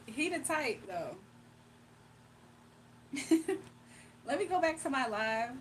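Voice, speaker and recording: A woman's voice: high voice, big pitch swings, drawn-out words, a little hiss or hum, rough recording. A woman with a Southern US accent from Virginia, casually chatting on a late-night livestream, laughing often and answering her chat. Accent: Southern US, Virginia with Atlanta influence. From Virginia, USA.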